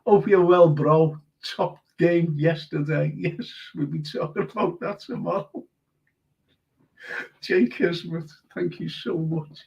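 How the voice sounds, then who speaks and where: Chatty older Liverpool man, gravelly. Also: on the high side, fairly even intonation, takes it slowly, dull audio. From Liverpool, England. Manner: chatty and rambling, reads out comments, laughs easily. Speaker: host of online history and chat show. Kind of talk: casual live-stream chat reading viewer comments.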